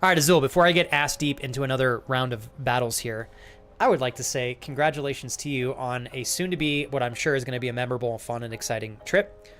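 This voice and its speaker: A man's voice: medium pitch, fast talker, a bit bright, soft background music. A man live-streaming a game, joking crudely with chat and thanking viewers as he plays. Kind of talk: live gaming stream banter.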